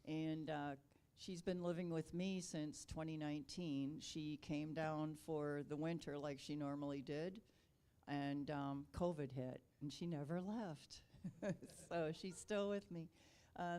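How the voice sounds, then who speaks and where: A woman's voice: low voice, darkish tone. A middle-aged woman from Wisconsin giving a chatty, casual speech to a club, with lots of ums and light self-deprecating humor. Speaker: Rotary district governor.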